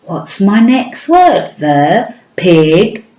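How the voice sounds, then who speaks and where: A woman teaching a phonics lesson to young children, with a slow, sing-song teacher voice that stretches out each sound. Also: fairly low pitch, sing-song, mellow, roomy sound, poor audio. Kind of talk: early-years phonics lesson.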